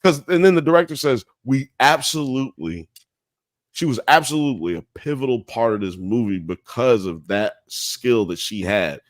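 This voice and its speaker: A man co-hosting a podcast, ranting about a movie with animated, profanity-heavy casual banter. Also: mid-range voice, normal speed, no room sound, clean studio sound. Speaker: podcast co-host.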